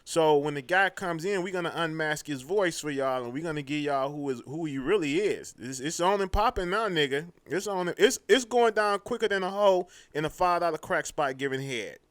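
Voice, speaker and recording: A man hosting a casual livestream chat, telling stories in an animated, profane way with mocking imitations. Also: a little high, normal speed, few pauses, dry recording. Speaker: show host.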